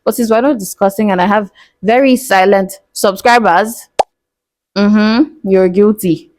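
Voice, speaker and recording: A young woman in her 20s answers viewer questions in a casual Q&A vlog, candid and playful, often breaking into laughter. Her medium-pitched voice is unhurried with a darkish tone, in a dry, studio-quality recording.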